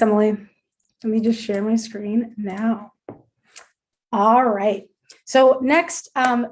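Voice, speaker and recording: Woman presenter, slightly high voice, chatty product demo with lots of ums. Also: darkish tone. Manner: friendly, many ums and uhs, walks through a screen demo.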